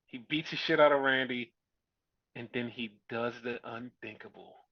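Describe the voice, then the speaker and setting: A man's voice: medium pitch, normal speed, dry recording. A man casually recapping a show in rambling, profane chat and acting out what people said. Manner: rambling, profane, acts out quotes. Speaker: podcast co-host. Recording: dull lo-fi dry sound.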